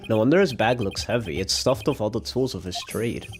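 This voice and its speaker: A man voicing a calm adult male lawyer on a trip abroad, reading his lines in a dry, measured way. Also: fairly low pitch, faint music behind, close to an everyday voice. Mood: wry.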